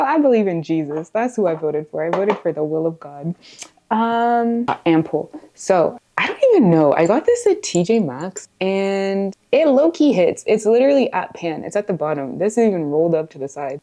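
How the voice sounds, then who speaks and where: A woman's voice: fairly low pitch, dark tone. A woman in her late twenties, born in Zimbabwe and raised in the US, chatting casually through her skincare routine with playful, joking asides. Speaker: beauty vlogger. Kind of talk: casual get-ready-with-me chat.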